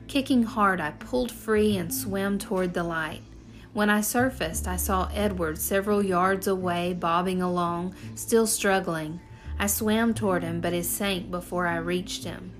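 Woman narrating a storybook chapter. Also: on the low side. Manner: steady first-person storytelling, rising for shouted lines. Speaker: audiobook narrator.

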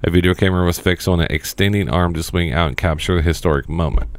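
A man's voice: low-pitched, quick pace, no room sound. A man hosting a casual podcast chat, who swears freely and reads items aloud for the others. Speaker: podcast host.

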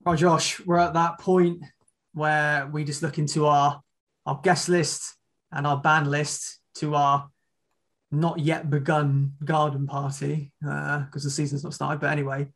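A man co-hosting a podcast, rambling casually with drawn-out asides. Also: fairly high pitch, little pitch movement, a bit bright. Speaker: podcast co-host.

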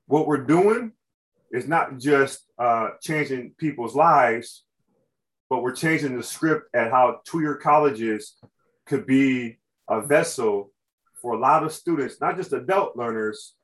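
A man's voice: medium pitch, fairly bright tone, rough recording. A man, a college instructor, talking with fervent energy in an interview, often repeating words and filling with "like" and "you know". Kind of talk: passionate interview talk.

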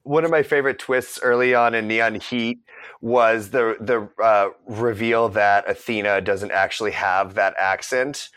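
A man hosting a casual podcast chat over a call, speaking in a friendly, slightly halting way. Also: fairly low pitch, steady tone, a bit bright, smooth, no echo. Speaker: podcast host. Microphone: remote call microphone.

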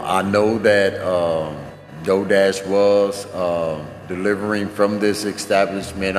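A deep-voiced man talks to his listeners in an earnest, unhurried way, filling pauses with "uh". His voice rings in a roomy space with a long reverb tail. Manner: earnest, many fillers, repeats himself. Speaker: host. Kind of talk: casual spoken update. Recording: echoey room with long reverb.

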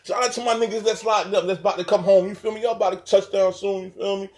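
A South Jersey man rants fast on his solo podcast in a high-pitched, steady voice. He's brash and profane, trash-talking and repeating lots of slang.

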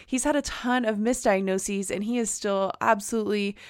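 A woman podcast host giving a scripted, measured introduction to clips. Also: medium pitch, steady tone, clear, resonant tone, dry recording, clean studio sound.

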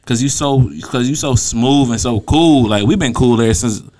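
A man's voice: mid-range voice, normal speed, a little mellow. A man joining a casual chat as co-host, with joking, slangy interjections. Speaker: co-host chiming in.

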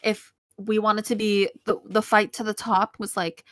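Young woman, casual chat, blunt delivery, mid pitch, dry recording. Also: flat delivery, moderate pace, a bit bright, dry recording. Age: young adult.

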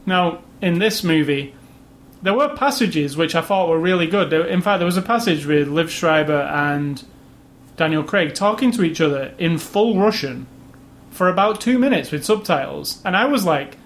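A man's voice: fairly high pitch, lively intonation, moderate pace. A man co-hosting a casual movie review chat, thinking aloud and often restarting his sentences. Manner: thoughtful, rambling, restarts sentences. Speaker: movie review podcast co-host.

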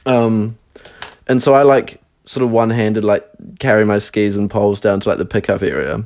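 Young guy w a lowish voice rambling thru a story, lots of "like", swears a bunch. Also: moderate pace, a little mellow. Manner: rambling anecdote full of "like" and swearing. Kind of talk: casual chat.

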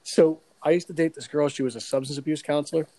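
A man's voice: a little high, quick pace, rough recording. A man, telling stories in casual podcast chat, swearing freely and laughing at his own jokes. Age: 40s. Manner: profane, laughing, animated storyteller. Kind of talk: casual chat with profane storytelling.

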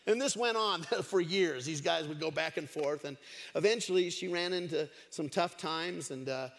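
A man's voice: a little high, normal speed, creaky, fairly bright tone. A man preaching a sermon as a pastor, chatty and storytelling, with frequent fillers. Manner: conversational storytelling, many fillers. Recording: echoey hall.

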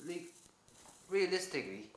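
A man in casual chat who rants bluntly and swears often. His pitch swings widely between lines. The recording is echoey, with clear background noise. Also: very animated, normal speed. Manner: blunt, profane, ranting. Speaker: podcast co-host.

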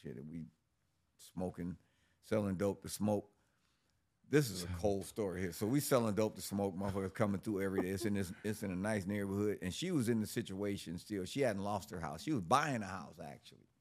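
A man's voice: low voice, fairly quick, darkish tone. A middle-aged man, a guest in an interview, telling a story in a casual, laid-back and profane street manner.

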